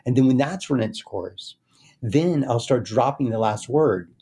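A man speaking as an interview guest in a slow, meditative way, often trailing into soft, quiet chanting. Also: mid-range voice, expressive, husky. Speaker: guest, speaker and success coach. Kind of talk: casual interview talk.

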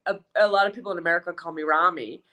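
A woman's voice: on the low side, steady tone, racing, sharp tone. A woman sports reporter as a podcast guest, joking and chatting casually. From South Africa, raised in Colorado. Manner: playful, self-mocking, chatty. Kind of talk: casual interview chat.

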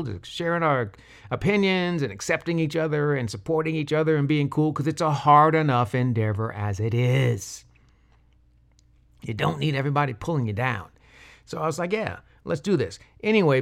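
A man hosting a casual horse racing podcast, relaxed and appreciative, laughing easily. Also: mid-range voice. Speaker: podcast host.

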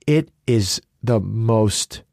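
A man's voice: lowish voice, very slow, creaky, darkish tone, dry recording, clean studio sound. A man from the American Midwest co-hosting a podcast, telling rambling stories in casual chat, with lots of restarts and asides. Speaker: podcast co-host. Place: lives in Los Angeles.

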